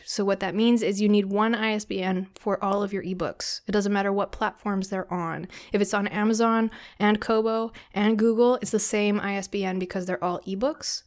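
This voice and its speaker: A woman's voice: mid-range voice, fairly even intonation, moderate pace, hardly any pauses, a little mellow. A woman co-hosting a podcast, giving casual, encouraging advice with lots of ums. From Canada. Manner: friendly, encouraging, filler-heavy with frequent ums. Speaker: podcast co-host.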